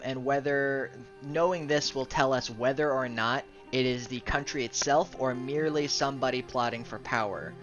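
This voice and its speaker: A man voicing a male royal official who briefs adventurers in a measured, formal way with some hesitation, on muffled lo-fi audio. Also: mid-range voice, a bit bright, close to an everyday voice.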